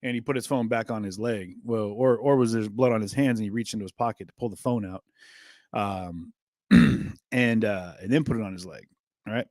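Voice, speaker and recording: A man's voice: lowish voice, normal speed, a little mellow, no echo. Male livestream host, casual rambling commentary, lots of fillers, dry close sound. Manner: rambling, filler-heavy, reads chat aloud.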